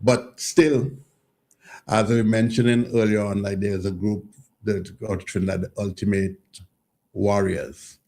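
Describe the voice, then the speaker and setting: Man, radio interview host; low and gravelly, dark tone; restarts his questions. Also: little pitch movement, unhurried.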